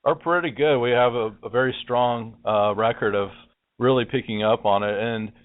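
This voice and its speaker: A man's voice: mid-range voice, normal speed. A middle-aged man from Tennessee, co-hosting a phone interview, talking in a friendly, rambling way. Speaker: co-host. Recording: dry tinny phone line.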